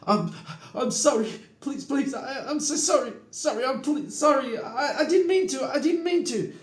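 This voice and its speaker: A man voicing a frightened male butcher who stammers and begs in a high, panicked voice. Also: big pitch swings, measured pace. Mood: panicked begging. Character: terrified pleading male butcher. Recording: echoey room.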